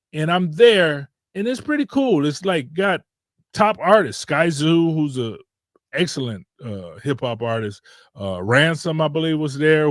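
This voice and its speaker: In clean studio audio with no echo, a medium-pitched male podcast host from Detroit shares a casual road trip story. He's laid-back and rambles, often going back to correct himself.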